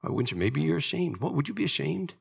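An American man, a pastor, preaching a sermon in a church sanctuary, emphatic and building to near-shouts at his peaks. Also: fairly high pitch, very animated, fast talker, gravelly, breathy edge. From United States.

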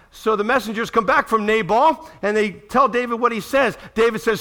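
A man preaching a sermon, telling Bible stories with animated voices and checking in with his listeners. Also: very high-pitched, moderate pace, few pauses. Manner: animated storytelling, acts out quoted voices. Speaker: pastor.

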